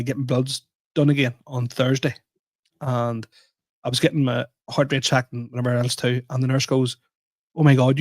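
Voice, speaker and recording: A man's voice: medium pitch, dry recording. A man co-hosting a podcast, telling a story in casual chat and poking fun at himself. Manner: animated, self-mocking storyteller. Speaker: podcast co-host.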